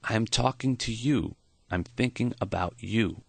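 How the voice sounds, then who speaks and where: A man voicing a frail elderly male professor in his seventies, with a foggy, high-pitched voice and a slow, soft, tender delivery. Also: vocal fry, slightly rough, dry recording, heavily acted. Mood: earnest. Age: 70s.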